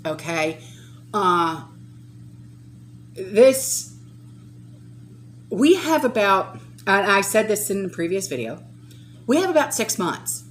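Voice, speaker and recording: A woman's voice: medium pitch, a little hiss or hum. A woman vlogging about prepping, talking to viewers in an emphatic, exasperated, lecturing way. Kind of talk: casual to-camera vlog talk.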